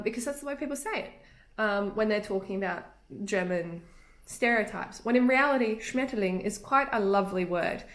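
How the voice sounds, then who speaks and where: A young woman, a native English speaker, giving casual spoken tips on pronunciation in a chatty way and laughing easily. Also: medium pitch. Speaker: language tips vlogger. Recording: echoey room.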